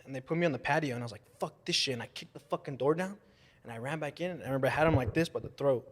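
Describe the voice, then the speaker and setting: A man's voice: medium pitch, very fast. A young man telling profane party and fight stories on a podcast, acting out what people said. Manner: animated, profane storyteller acting out quotes. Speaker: guest. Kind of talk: casual podcast storytelling. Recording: long room reverb.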